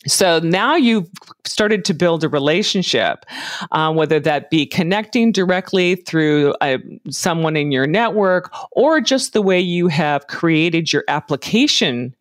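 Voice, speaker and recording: Woman giving hiring tips, steady and thoughtful, lots of ums, dry close mic. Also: on the low side, no echo. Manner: measured, advising, with frequent um and uh. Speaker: career and hiring advice guest. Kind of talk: conversational interview answers.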